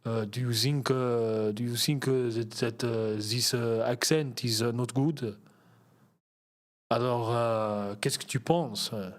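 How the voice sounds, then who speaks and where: A man putting on a mock French accent, commentating slowly and haltingly with many fillers. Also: mid-range voice, steady tone, voice pushed down, close to an everyday voice. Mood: mock commentary. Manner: halting, drawn out, full of uh fillers.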